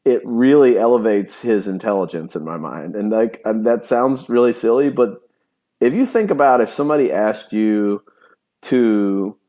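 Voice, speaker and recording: Rambling, lower-voiced man in casual chat. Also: normal speed. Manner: animated, rambling with many restarts. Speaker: podcast co-host.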